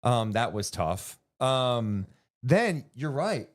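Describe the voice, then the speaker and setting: A man co-hosting a basketball podcast, talking through a game in animated, casual chat. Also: mid-range voice, slow. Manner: animated, swings up when excited, swears casually.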